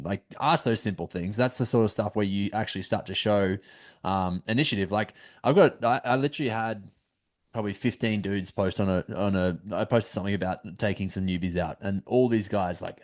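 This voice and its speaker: Low-voiced podcast host. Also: male voice, moderate pace. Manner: earnest, advice-giving. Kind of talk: casual podcast chat.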